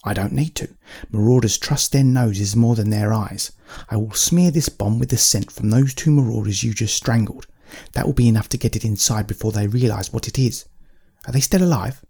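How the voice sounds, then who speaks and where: A man voicing an urgent male troll in a storybook, speaking a little higher than his own voice. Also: moderate pace, vocal fry, dark tone, breathy edge.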